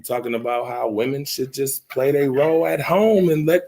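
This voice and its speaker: A man co-hosting a casual sports radio show, talking to listeners and his partner with lively hype and sudden high exclamations. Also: moderate pace, few pauses.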